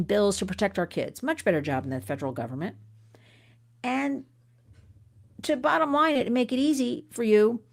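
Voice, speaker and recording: A middle-aged woman from the United States hosting an advocacy livestream, talking urgently and earnestly to viewers, often restarting and swinging up in pitch. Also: creaky, darkish tone. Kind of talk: impassioned livestream address to viewers.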